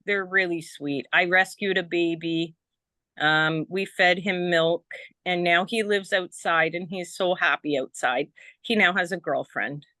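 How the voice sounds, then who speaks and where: Canadian woman guest, unhurried delivery, chatty and given to laughter, dry close sound. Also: lowish voice, bright, forceful tone, no room sound. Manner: chatty, laughs often, mimics voices. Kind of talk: casual chat.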